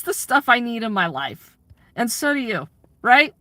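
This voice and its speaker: A woman's voice: on the high side, big pitch swings, measured pace, sharp tone, no room sound. A woman chatting candidly to her live audience, laughing often and swearing freely. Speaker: livestreamer and community aid organizer. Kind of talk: casual chat to a live audience.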